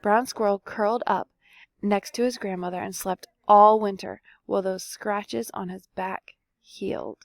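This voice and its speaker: A woman's voice: mid-range voice, fairly even intonation, measured pace, creaky, dry recording. A young woman teacher reading a folk tale aloud expressively and stopping to ask the listeners questions. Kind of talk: read-aloud storytelling lesson.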